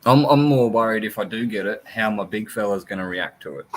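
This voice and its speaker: A man's voice: fairly low pitch, fairly quick, fairly bright tone, a little hiss or hum. A man chatting casually on a livestream, rambling through anecdotes and swearing freely. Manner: rambling storyteller, swears casually, mimics his pet. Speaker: livestream guest.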